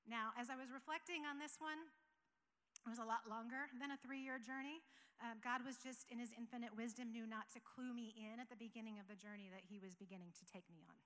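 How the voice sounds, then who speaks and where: A woman's voice: on the high side, big-room sound. A woman in her forties, an operations pastor, sharing a personal testimony in an earnest, conversational way. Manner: earnest, conversational, with soft laughs. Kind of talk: church testimony talk. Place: church sanctuary.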